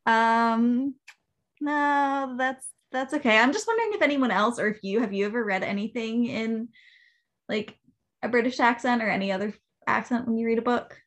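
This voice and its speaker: Woman co-host, slightly high pitch, relaxed and agreeable in book talk. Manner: easygoing, laughs often, quick to agree. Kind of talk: casual book-club chat.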